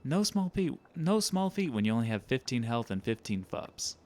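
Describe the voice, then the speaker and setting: A man's voice: mid-range voice, sing-song, moderate pace, hardly any pauses, a little mellow. A man streaming a game, chatting casually in a loose, joking, self-deprecating way and swearing now and then. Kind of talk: casual let's-play commentary.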